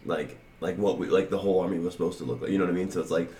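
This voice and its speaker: A man's voice: low voice, little pitch movement, very fast, warm tone, roomy sound. A man co-hosting a podcast in casual chat, rambling with lots of "like" and "you know what I mean.". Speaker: podcast co-host.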